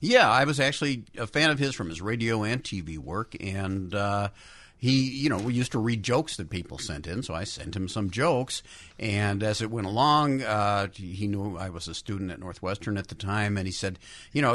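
A man's voice: lowish voice, expressive, moderate pace, a bit bright, no room sound. A middle-aged man from the Chicago area, a guest on a radio show, telling jokey, self-mocking stories. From Chicago area, USA. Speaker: guest, TV horror host. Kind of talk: radio interview chat. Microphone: studio microphone.

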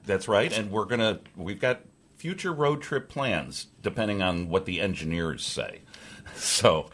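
A man's voice: fairly low pitch, expressive, unhurried, a bit bright, slightly rough. A man hosting a political radio talk show from a statehouse press room, rambling with many fillers and restarts.

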